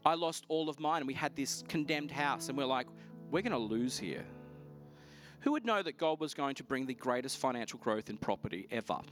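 A man preaching to his church, sharing a personal testimony. He speaks at a mid pitch in a conversational, storytelling manner and climbs high when he gets excited. Soft music plays faintly behind him. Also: fast, hardly any pauses. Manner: animated storytelling, voice rising sharply when excited. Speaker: pastor.

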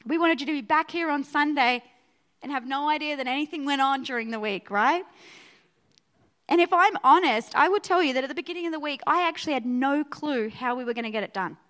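A woman pastor preaching a sermon to her church, energetic and conversational, often checking in with her listeners. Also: high-pitched, fairly quick. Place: church auditorium.

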